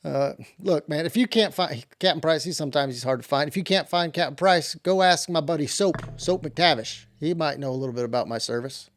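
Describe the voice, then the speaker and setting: A man's voice: a little high, fairly quick, few pauses, natural voice. A man voicing a boastful, touchy cowboy who tells tall tales of his military service in a rambling, put-on accent. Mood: indignant. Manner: rambling, swaggering bravado.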